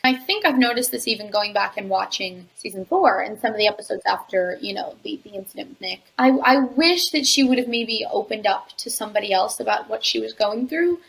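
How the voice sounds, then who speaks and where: A woman's voice: on the high side, a bit bright, low-quality recording. A young woman, an actress guest in an interview, answering in a chatty way with many filler words.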